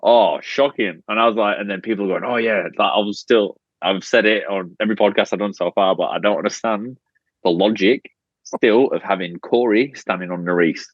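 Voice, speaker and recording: Hombre australiano franco y malhablado, voz grave. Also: male voice, on the low side, a little fast, no room sound, highs cut off. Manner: blunt, profane storytelling with animated quoted voices. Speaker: guest, reality show contestant. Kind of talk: casual podcast chat.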